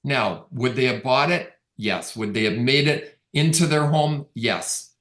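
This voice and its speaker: Middle-aged man from Canada, conversational storyteller, mid pitch, echoey room sound. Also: a little slow, a bit bright. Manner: conversational, storytelling with quoted dialogue. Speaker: real estate agent giving a webinar talk. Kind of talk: casual storytelling talk. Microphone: video call. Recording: roomy echo on the voice.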